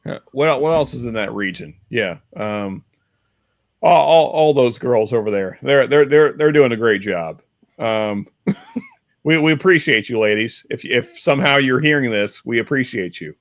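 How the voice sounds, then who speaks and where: A man co-hosting a podcast in casual chat, rambling and halting with many restarts, reading viewer chat aloud. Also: medium pitch, animated, no echo. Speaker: podcast co-host.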